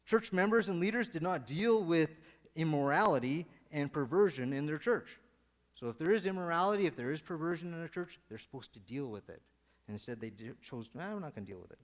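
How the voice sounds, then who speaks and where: A man's voice: a little high, expressive, a little fast. A man giving a casual, joking sermon to his congregation, rambling and conversational. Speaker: lay preacher. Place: church sanctuary. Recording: long church hall reverb.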